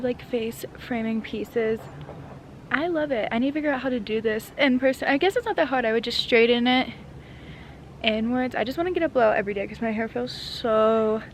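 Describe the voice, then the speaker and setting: A young woman with a bright, high voice talks to her phone camera in a casual travel vlog, bubbly and chatty, scattered with laughs and "like". The sound is a close phone mic with noticeable room noise underneath. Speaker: vlogger. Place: hotel room and rented house, indoors. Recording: noisy room ambience.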